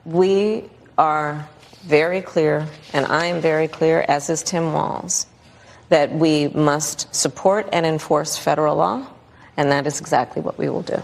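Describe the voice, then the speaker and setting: A woman answering interview questions with measured, repeated talking points. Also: low-pitched, steady tone, vocal fry. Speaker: political candidate.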